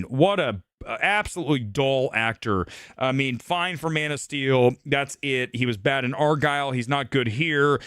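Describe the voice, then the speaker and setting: A middle-aged man rants bluntly and profanely as he hosts a live movie-talk stream. His voice sits a little high and swings widely in pitch. The sound is dry and close. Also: no echo. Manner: blunt, profane, animated ranting. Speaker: host.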